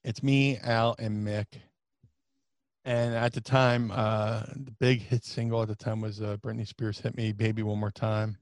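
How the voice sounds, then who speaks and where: A man telling a casual, animated story as a podcast guest, jumping into a high falsetto when he quotes himself. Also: unhurried, dry recording, clean studio sound. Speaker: podcast guest, former wrestler.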